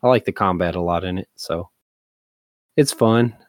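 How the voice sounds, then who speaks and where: A man's voice: deep voice, normal speed, no room sound, clean studio sound. A man, co-hosting a podcast in easy, casual chat and laughing often. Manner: laid-back, laughs often. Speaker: podcast co-host.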